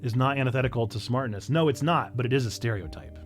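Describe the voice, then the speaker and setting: A pastor from Illinois with a Northern Illinois accent, chatting casually on a livestream and answering chat in a playful, self-mocking way. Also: male voice, medium pitch, quick pace, soft background music. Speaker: pastor and streamer.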